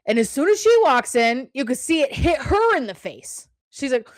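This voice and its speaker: High-voiced woman telling a story, dry close sound. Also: normal speed, no room sound. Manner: animated, profane, rhetorical "okay?" asides. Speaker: podcast host. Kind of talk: casual storytelling.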